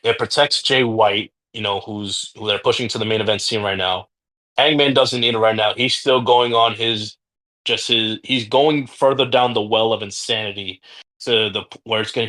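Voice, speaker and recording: A man's voice: on the low side, fairly even intonation, normal speed, bright, forceful tone. A man from the United States co-hosting a casual wrestling podcast, rambling and swearing freely. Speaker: podcast co-host.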